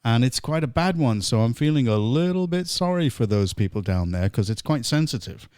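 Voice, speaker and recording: Theatrical man hosting with swooping pitch. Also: expressive, brisk, darkish tone, smooth, dry recording, studio quality. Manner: theatrical, jokey, mock-grand. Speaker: podcast host. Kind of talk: comic online pub chat.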